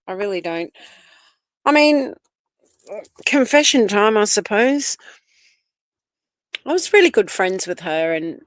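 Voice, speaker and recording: An Australian woman hosts a relaxed livestream, greeting viewers by name and chatting freely between topics. Her first language is Italian. The recording is dry and close. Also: medium pitch, no room sound. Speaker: livestream host. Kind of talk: casual live chat reading comments.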